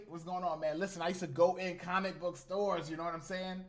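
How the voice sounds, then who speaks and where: A male streamer around his thirties, chatting casually and with lots of slang. His voice sits slightly higher than most men's, and he keeps turning to address his viewers directly. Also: a little fast. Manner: animated, slangy, talks to chat. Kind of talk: casual live-stream chat.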